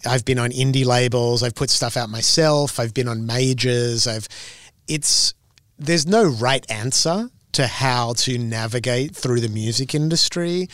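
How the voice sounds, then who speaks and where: A man's voice: medium pitch, unhurried, fairly bright tone, no echo. A man, a singer-songwriter, answering interview questions casually and rambling through his thoughts. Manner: rambling, restarts mid-thought. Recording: dry close recording.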